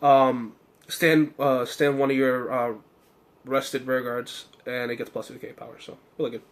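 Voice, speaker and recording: A young man, slightly hoarse, casually talking through his card game deck with many fillers and self-corrections. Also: mid-range voice, flat delivery, unhurried.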